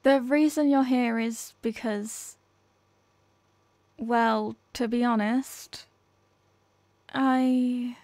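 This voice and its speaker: A woman voicing a shy, nervous, obsessive young woman who has kidnapped someone, stammering and halting in an audio role-play. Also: a little high, steady tone, darkish tone, dry recording. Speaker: ASMR role-play performer.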